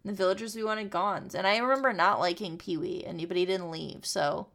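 Creaky-voiced woman chatting casually. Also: lowish voice, a little fast. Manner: rambling, profane, animated storytelling. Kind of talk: casual chat.

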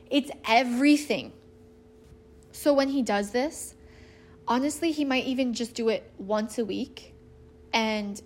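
A woman's voice: on the high side, a little hiss or hum. A woman in her thirties talking casually and earnestly about her relationship, acting out lines she quotes. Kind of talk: casual personal storytelling.

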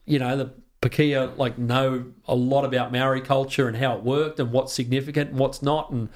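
A man's voice: mid-range voice, little pitch movement, brisk. Fired-up Australian man, swearing freely. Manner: passionate, heavy swearing, many restarts. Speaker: podcast guest. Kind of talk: casual conversation.

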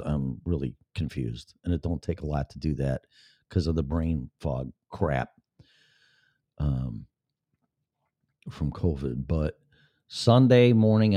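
A man's voice: low voice, darkish tone, no room sound, clean studio sound. A man hosting a podcast in a casual live-stream monologue, sarcastic, profane and rambling. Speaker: podcast host.

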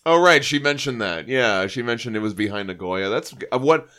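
A man's voice: mid-range voice, animated, a little fast, sharp tone. A man co-hosting a casual chat about comics, enthusiastic, reading panel dialogue aloud. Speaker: podcast co-host. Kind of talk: casual comic book discussion.

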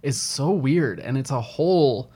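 A man's voice: medium pitch, expressive, a little slow, mellow, breathy edge. A man in his thirties from Virginia, co-hosting a podcast and telling rambling anecdotes. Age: 30s. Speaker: podcast co-host. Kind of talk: casual chat.

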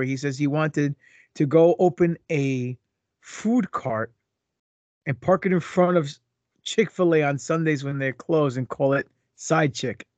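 Brief: male podcast co-host, slow wrestling-promo swagger, dry close sound, a bit high. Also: a little mellow, no echo. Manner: boastful wrestling-promo delivery; joking, teasing. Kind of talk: casual banter.

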